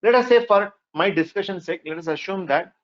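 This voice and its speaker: A man with an Indian English accent giving a lively classroom lecture, often asking the students "right?" and whether they agree. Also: high voice, fairly quick, highs cut off. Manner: lively, mixes in Hindi phrases. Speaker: workshop instructor.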